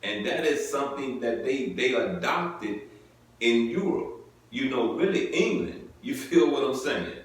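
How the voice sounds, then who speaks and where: A man preaching from scripture, stopping between verses to riff casually and check in with the listeners over and over. His voice sits at a middle pitch. It sounds heavily echoey and picked up from a few steps away. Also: expressive, unhurried. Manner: conversational, repeats "you get it?" and "come on now"; informal vernacular speech. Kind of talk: scripture reading with commentary. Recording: very echoey, mic at a distance.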